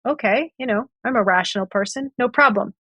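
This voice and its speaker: Brisk, bright and forceful, her slightly high voice carries a podcast storytelling segment with no room sound. The guest walks through an earlier relationship, taking on both roles in the conversations.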